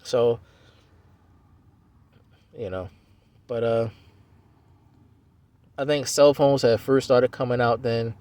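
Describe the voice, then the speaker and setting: A man's voice: medium pitch, fairly even intonation, slow, pauses often, a little mellow, clean tone, no echo. A man in his forties, a Navy veteran, telling his life story in a loose, rambling way with many "you know"s and restarts.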